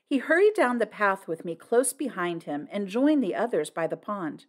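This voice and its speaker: A woman reads a novel aloud as its narrator. Her voice has a medium pitch and a very animated melody. The reading is expressive and scripted. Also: moderate pace, hardly any pauses. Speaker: audiobook narrator.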